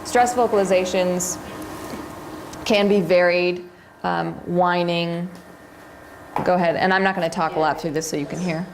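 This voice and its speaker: A woman's voice: on the low side, steady tone, moderate pace, long pauses, noisy background. A woman giving a live seminar lecture to a room of listeners, talking them through video clips in a chatty way and quizzing them as she goes. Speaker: seminar instructor.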